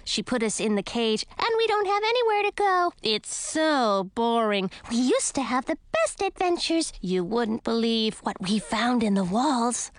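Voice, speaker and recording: A woman voicing a restless, chatty mouse with a squeaky, eager voice. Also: expressive, measured pace, few pauses. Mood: bored.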